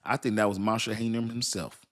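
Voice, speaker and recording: A man's voice: on the low side, steady tone, moderate pace. Chatty male crypto live-streamer. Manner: loose and chatty, talks straight to his chat, repeats himself; laughs often and thinks aloud while reading. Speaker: crypto livestream host. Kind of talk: casual live-stream chat.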